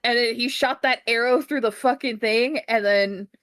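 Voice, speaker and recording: An excitable woman retells film scenes on a casual review podcast, jumping high to act out the characters and cursing freely. The recording is dry and close. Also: moderate pace, no room sound. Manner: excitable, acts out characters with big pitch jumps, swears freely. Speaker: podcast co-host. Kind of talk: casual movie review chat.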